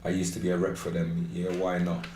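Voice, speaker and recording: Guy hosting a live podcast, lowish voice, echoey with a bit of hiss, playful shoutouts. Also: completely flat delivery, a little fast. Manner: shouting out viewers by name, playful. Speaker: podcast host. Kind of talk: casual live podcast chat. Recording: roomy echo with faint background hiss.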